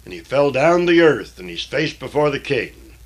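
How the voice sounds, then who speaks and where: A man reading scripture aloud in a deliberate, old-fashioned diction, stopping now and then for plain explanatory asides. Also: mid-range voice, big pitch swings. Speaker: Bible reader and teacher.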